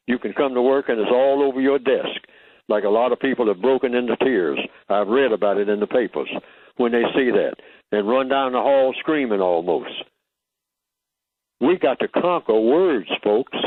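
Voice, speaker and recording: A man speaks as a guest on a radio interview, at a middling pitch for a man. He talks in an emphatic, teacherly way and keeps asking rhetorical questions before he answers them. His voice comes through a narrow, phone-like line that sounds dry and close. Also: no room sound.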